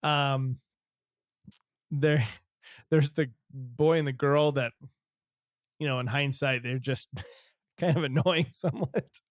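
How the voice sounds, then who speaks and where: A man in casual podcast chat, mid-pitched and rambling, full of fillers and self-corrections. His voice is recorded close and dry, with no room sound. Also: fairly even intonation, takes it slowly, pauses often, no room sound. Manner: rambling, many fillers and restarts. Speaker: podcast co-host.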